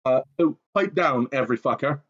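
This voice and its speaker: A man's voice: mid-range voice, animated, a little fast, dull audio, background noise. A British man from Bristol hosting a podcast, chatting and arguing playfully. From Bristol, England. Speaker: podcast host.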